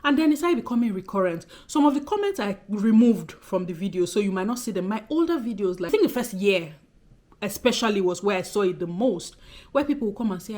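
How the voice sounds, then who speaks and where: A woman's voice: medium pitch, lively intonation, fairly quick, darkish tone. A young woman from Nigeria with a Nigerian accent, talking straight to camera in a vlog, emphatic and exasperated, firing off repeated rhetorical questions. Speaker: vlogger. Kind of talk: direct-to-camera vlog talk.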